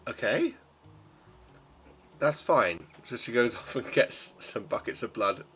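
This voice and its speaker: A man runs a tabletop game, with a bright, clear tone at a middling pitch. He rambles as he narrates, padding his lines with ums and restarting sentences. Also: animated, takes it slowly, faint music behind. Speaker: game master.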